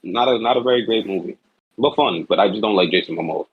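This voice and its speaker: A man co-hosting a podcast, giving blunt, opinionated movie takes in a lively way. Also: fairly low pitch, fast, slightly rough, phone-quality sound. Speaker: podcast co-host. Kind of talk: casual podcast chat.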